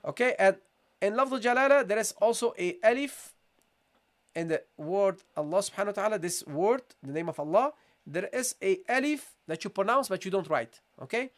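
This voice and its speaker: Brief: male recitation teacher, patient step-by-step tajweed lesson, stretches syllables when modeling, calls his students "guys". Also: sits high. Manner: explains step by step, drawing out syllables slowly as models; often says "okay" and addresses listeners as "guys".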